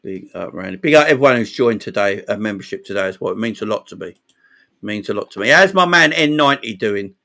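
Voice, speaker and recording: A man hosting a casual football fan livestream, excitedly shouting out viewers by name. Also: lowish voice, fast, vocal fry. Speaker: livestream host.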